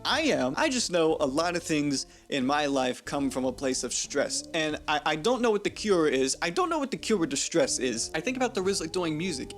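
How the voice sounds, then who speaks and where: A young man talking through a rambling, confessional video essay in an earnest, self-deprecating way. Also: a little high.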